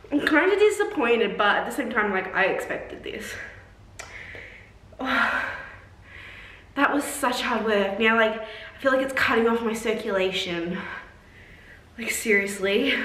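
Woman vlogger chatty and fed up, slowish talk, higher voice, echoey room a bit off mic. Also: fairly bright tone, recorded from a distance. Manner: chatty, exasperated, lots of "like". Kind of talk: casual try-on haul vlog.

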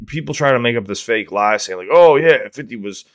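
A man hosting a reaction video, giving excitable, profane, casual commentary and stopping to explain things. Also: lowish voice, fast.

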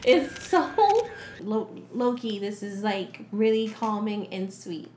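A woman's voice: medium pitch, steady tone, takes it slowly, reverberant, noisy background. A woman co-hosting a casual podcast, animatedly recapping a movie, laughing often and acting out the characters. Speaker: podcast co-host.

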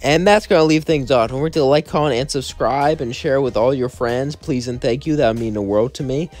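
Casual young man host, rambling fan story narrator, mid-pitched. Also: brisk, darkish tone, soft background music.

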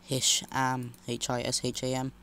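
A man giving casual, excitable commentary over a shooter game, jumping from shouts to muttered whispers. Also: mid-range voice, measured pace, vocal fry, slight background noise. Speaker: gamer commentator.

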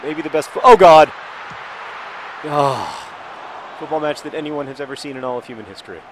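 A man's voice: mid-range voice, very fast, a faint crowd, a little hiss or hum. Rambling man, game commentary. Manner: rambling, restarts sentences, bursts into excited yelps at the game. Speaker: video host. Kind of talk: casual commentary while playing a video game.

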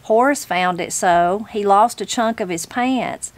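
A woman's voice: medium pitch, measured pace, no room sound, lightly acted. Woman reading as a cheerful old man in his sixties. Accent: Southern Appalachian.

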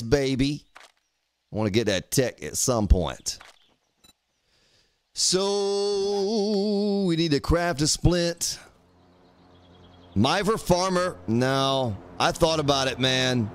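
Lively rambling male game streamer. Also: a little high, a little hiss or hum. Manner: rambling, joking, greets chat viewers by name. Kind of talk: casual live-stream chat while playing.

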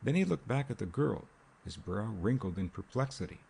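A man reading an audiobook in a measured, even storytelling manner. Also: fairly low pitch, vocal fry, slight background noise. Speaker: audiobook narrator. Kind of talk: scripted narration.

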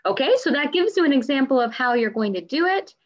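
A woman's voice: high voice, big pitch swings, fast, dull audio. A woman music teacher leading a lesson for young children, singing and talking in an upbeat, encouraging way.

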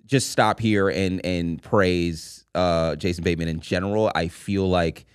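A man co-hosting a podcast, talking about movies in a rambling, halting way with casual swearing. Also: low voice, steady tone, clean tone, dry recording, studio quality. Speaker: podcast co-host.

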